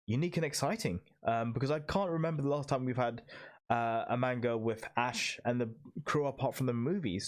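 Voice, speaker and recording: Teasing mid-pitched man leading a podcast. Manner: joking, teasing, steers the segments. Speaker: podcast co-host. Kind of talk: casual chat.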